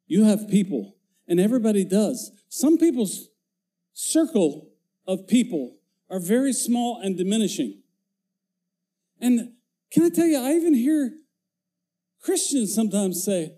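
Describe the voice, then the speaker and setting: High, mellow-voiced older male preacher. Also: big pitch swings, normal speed, long pauses. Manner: folksy, jokey, grows emphatic. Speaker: former pastor, guest preacher. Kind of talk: sermon. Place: church sanctuary.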